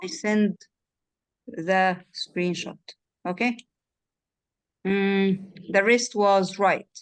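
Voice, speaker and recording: A woman's voice: medium pitch, fairly even intonation, very slow, clear, resonant tone. A woman, a native Arabic speaker, tutoring in English over a video call, patiently drilling words and checking the student understood. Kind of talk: one-on-one online lesson.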